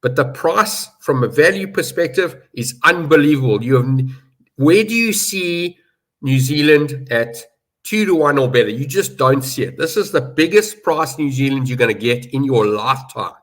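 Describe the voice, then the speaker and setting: A man's voice: medium pitch, lively intonation, moderate pace. A middle-aged man from South Africa, a rugby betting pundit talking in a casual discussion, emphatic and fond of telling stories and repeating himself for stress.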